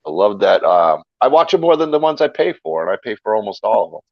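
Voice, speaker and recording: A man hosting a livestream, chatting casually in a relaxed, joking way. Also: on the low side, fast talker, no room sound. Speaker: show host. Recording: dry, dull lo-fi stream audio.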